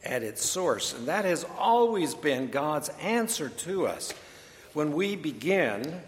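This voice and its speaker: A male pastor preaching a sermon in a deliberate, measured way, with touches of dry humor. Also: on the high side, big pitch swings. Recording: echoey hall, long reverb.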